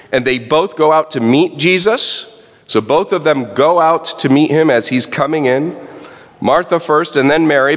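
A man's voice: medium pitch, a bit bright. A man preaching a sermon as a pastor, talking in a conversational way and correcting himself as he goes. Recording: long reverb.

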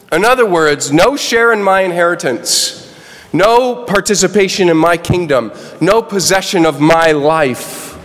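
A man preaching a sermon, animated and acting out the people he quotes in raised voices. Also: a little high. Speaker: pastor. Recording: long reverb of a hall.

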